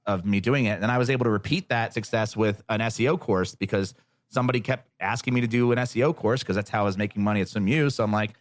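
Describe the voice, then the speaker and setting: A man as a podcast guest, telling a story in casual chat, animated, sarcastic and freely profane. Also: lowish voice, quick pace, no echo, studio quality.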